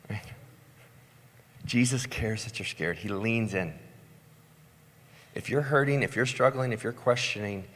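A man preaching a sermon in a conversational way, with lots of "like" and "right?", sometimes mimicking panicked voices before slowing into calm, soft emphasis. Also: mid-range voice. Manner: acts out panicked voices, then slows and softens. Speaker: pastor. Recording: long hall reverb with soft guitar music.

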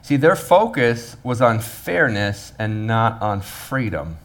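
A man's voice: lowish voice, takes it slowly. A man, a pastor preaching a sermon and acting out the workers with humor. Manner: animated, acts out the workers' voices with humor.

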